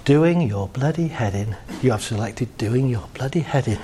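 A man voicing a male unconscious mind, a calm, deadpan and literal-minded announcer. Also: mid-range voice, moderate pace, slight background noise, pitched below the performer's own voice, close to an everyday voice.

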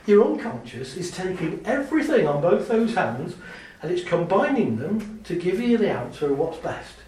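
Male speaker on stage, lively storyteller with a slightly high voice, heard from off mic in a big echoing hall. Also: normal speed, recorded from a distance, a little hiss or hum. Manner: lively, chatty, laughs often, acts out little scenes. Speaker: speaker giving a talk. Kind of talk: live talk to an audience. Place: large hall with an audience.

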